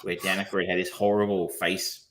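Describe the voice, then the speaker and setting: A man's voice: low voice, level tone, normal speed, a bit bright, slight background noise. Rambling, hesitant man chatting about films. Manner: rambling, hesitant, lots of um and restarts, swears casually. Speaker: podcast co-host reviewing films. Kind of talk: casual chat.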